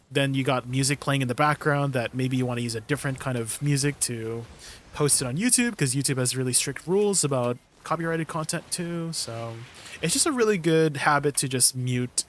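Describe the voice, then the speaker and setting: A man live-streaming, chatting casually with his viewers, playful and quick to laugh. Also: medium pitch, slight background noise. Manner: playful, laughs often, talks to chat.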